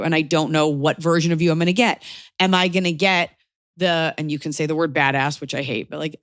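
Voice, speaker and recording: A woman's voice: low-pitched, no room sound, clean studio sound. A woman in her thirties hosting an advice podcast, talking bluntly and acting out quoted voices. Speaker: podcast host giving advice. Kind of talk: casual advice chat.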